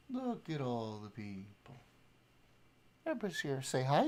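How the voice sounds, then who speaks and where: Brief: streamer host, casual chatter, animated pitch that jumps high when cooing at a pet. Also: normal speed, noisy background. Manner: chatty, coos baby talk to a pet; filler-heavy. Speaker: livestreamer. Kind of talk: casual livestream chat.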